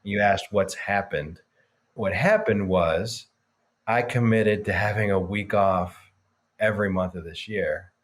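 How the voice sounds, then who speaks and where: A man's voice: on the low side, unhurried. A man guest on a podcast, earnestly reflecting on his work as a business coach, stressing key words and chuckling now and then. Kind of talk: casual podcast interview.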